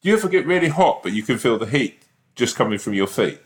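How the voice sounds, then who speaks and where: A man's voice: mid-range voice, sing-song, fast, soft background music. A young man co-hosting a podcast in casual chat, teasing and laughing often. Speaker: podcast co-host.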